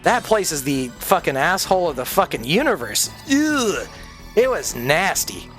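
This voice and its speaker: A man's voice: fairly high pitch, big pitch swings, moderate pace, a bit bright, faint music behind. A man streaming a game, ranting in a profane, casual way and acting out the people he quotes. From Canada. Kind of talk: casual rant while gaming.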